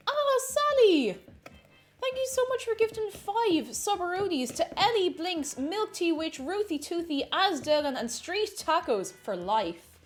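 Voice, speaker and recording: A chatty Irish woman with a fairly high voice baking on a livestream in her home kitchen. Her pitch swoops up brightly whenever she greets a viewer, and soft music plays faintly underneath. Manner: chatty, reads chat aloud and greets viewers with excitement. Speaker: streamer. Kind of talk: casual livestream chat while baking.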